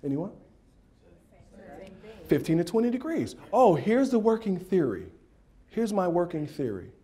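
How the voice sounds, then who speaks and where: Animated, high-voiced male speaker. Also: a little slow. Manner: animated storytelling with sound effects and audience questions. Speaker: motivational speaker and coach. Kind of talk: motivational speech. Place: dinner banquet.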